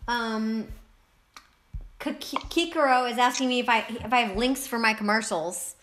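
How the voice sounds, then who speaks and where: A woman's voice: fairly high pitch, normal speed, a bit bright, slight background noise. A young woman co-hosting a casual livestream, laughing often as she reads viewer comments aloud. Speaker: livestream co-host reading chat.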